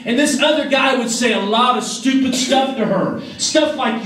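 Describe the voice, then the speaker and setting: A man preaching an energetic youth sermon, joking and leading call-and-response with a crowd in a large hall. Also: very high-pitched, measured pace. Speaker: youth pastor. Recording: echoey hall from far off.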